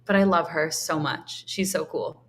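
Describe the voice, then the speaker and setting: Her voice sits low and moves at normal speed as this young woman chats casually while guesting on a podcast. She leans heavily on "like" and quotes others in an animated, acted-out way.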